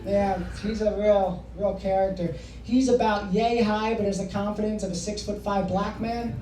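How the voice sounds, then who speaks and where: A man's voice: high voice, fairly even intonation, moderate pace, darkish tone. A man doing a stand-up comedy set in a bar, rambling and self-deprecating and swearing freely. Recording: echoey room from far off, faint noise.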